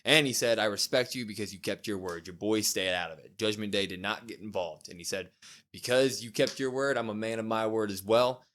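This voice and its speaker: A man's voice: fairly low pitch, a little fast. A man co-hosting a casual wrestling review podcast, recapping the show and acting out what the wrestlers said. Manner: animated retelling, acts out wrestlers' lines. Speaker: podcast co-host.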